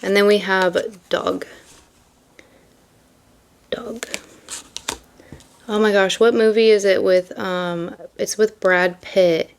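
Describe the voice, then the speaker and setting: A woman's voice: medium pitch, fairly even intonation, takes it slowly, pauses often, smooth. A young woman reading tarot and chatting casually, rambling and full of fillers between card meanings. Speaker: tarot reader.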